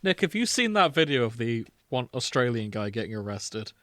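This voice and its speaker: A man's voice: medium pitch, sing-song, fairly bright tone, dry recording. Giggly young man, dry sound. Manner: laughs often, quick asides. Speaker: podcast host. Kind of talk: casual chat.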